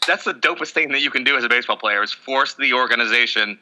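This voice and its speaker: A man co-hosting a casual sports podcast, excitable and loose, swearing and hedging with fillers. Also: mid-range voice, fast, low-quality recording. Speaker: podcast co-host.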